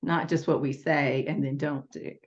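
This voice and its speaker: A woman's voice: low voice, fairly even intonation, normal speed. A woman who works as a parenting educator, answering interview questions in a patient, instructive way. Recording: dull lo-fi audio.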